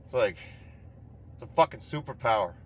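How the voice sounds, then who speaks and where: A man delivers a casual motivational monologue, swearing freely and circling back on himself with raw intensity. His voice sits at an ordinary middle pitch. Faint street and car noise runs underneath. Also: expressive, normal speed. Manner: profane, rambling, intense.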